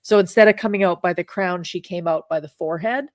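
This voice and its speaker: A woman's voice: fairly low pitch, quick pace. A middle-aged woman co-hosting a casual chat, telling stories in an emphatic, chatty way. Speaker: podcast co-host.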